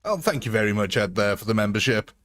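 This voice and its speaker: A man's voice: lowish voice, lively intonation, fast, a bit bright, a little hiss or hum. A man hosting a live game stream in a casual, chatty, jokey way, laughing often.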